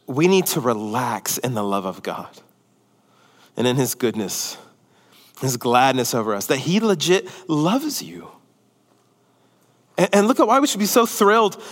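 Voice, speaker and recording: Animated preacher man in a reverberant hall. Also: sits high. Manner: animated, swings from loud excitement to hushed near-whispers. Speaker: pastor. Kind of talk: sermon.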